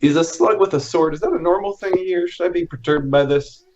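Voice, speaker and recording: A man's voice: high voice, a little fast, lo-fi sound, crowd noise. A man playing a tabletop role-playing game, easygoing and thinking aloud about his moves. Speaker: player. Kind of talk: casual tabletop game play.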